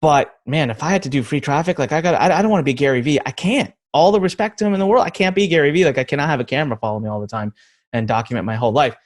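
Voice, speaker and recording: A man's voice: fairly high pitch, very fast. A man in his thirties hosting a podcast interview, talking in an easygoing, joking way. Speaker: podcast host.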